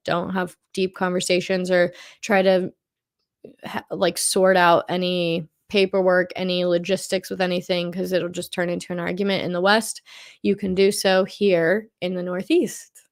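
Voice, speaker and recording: Chatty woman presenting a feng shui forecast. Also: lowish voice. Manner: chatty, thinks aloud, repeats phrases while searching for words. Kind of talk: presenting a monthly forecast over slides.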